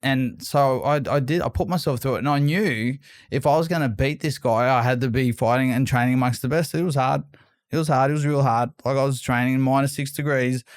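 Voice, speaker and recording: A man's voice: mid-range voice, brisk, no room sound. Man, from Australia, former boxer, rambling storyteller, repeats himself, dry close mic. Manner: rambling, repeats words and restarts, animated retelling. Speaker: guest, former boxing world champion. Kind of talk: casual interview storytelling.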